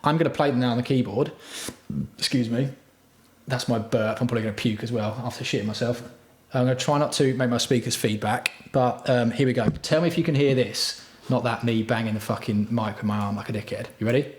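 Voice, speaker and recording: A man chatting on his livestream in a rambling, foul-mouthed, self-mocking way. His pitch is middling for a man. The sound echoes around a roomy home room. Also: a little fast, slight background noise. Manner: profane, crude, self-mocking storytelling. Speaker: livestream host. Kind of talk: rambling casual livestream chat.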